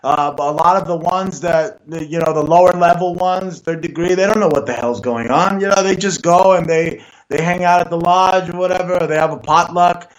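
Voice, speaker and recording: Opinionated man with a slightly high voice. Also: fairly even intonation, a little fast, hardly any pauses, poor audio. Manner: loose, filler-heavy, opinionated talk. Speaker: show host. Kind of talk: casual talk show conversation.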